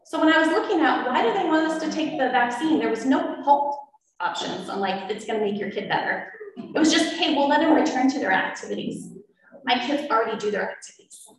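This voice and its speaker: A mother's public comment to the school board comes in a high-pitched, animated, fairly quick voice. Her earnestness builds into emotion and force, and the distant mic picks up the echo of the hall.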